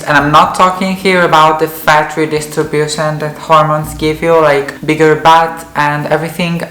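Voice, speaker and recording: A woman's voice: deep voice, a bit bright. A young adult woman talking casually and earnestly to camera, with many "like" fillers. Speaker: vlogger. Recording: roomy echoey room.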